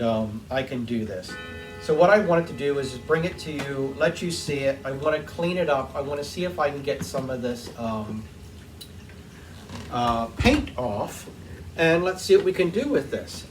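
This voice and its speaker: A man's voice: mid-range voice, animated, measured pace, over music. A man hosting his own workshop channel, telling a heartfelt, rambling story full of ums while he cleans something. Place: home workshop. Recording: distant mic with faint room noise.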